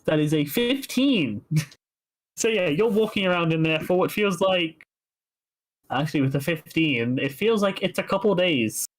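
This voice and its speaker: A man's voice: fairly high pitch, expressive, normal speed, low-quality recording. A man narrating as game master of a tabletop game, laughing often as he describes what happens.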